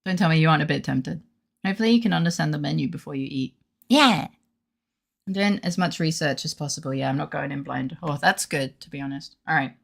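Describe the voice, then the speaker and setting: A woman's voice: low voice, quick pace, creaky. A woman streamer in casual live-stream chat, giggly and chatty and swearing freely.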